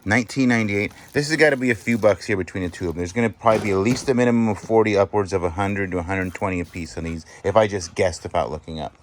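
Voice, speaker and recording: A man vlogging as he sorts a storage unit find, chatting excitedly and appraising each item aloud. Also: fairly low pitch, quick pace, few pauses, a little hiss or hum. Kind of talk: casual show-and-tell commentary.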